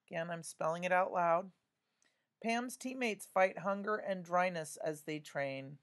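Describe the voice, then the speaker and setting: A woman's voice: fairly low pitch, lively intonation, a little slow. A woman teaching a spelling lesson, patiently spelling words out letter by letter and talking through each answer aloud.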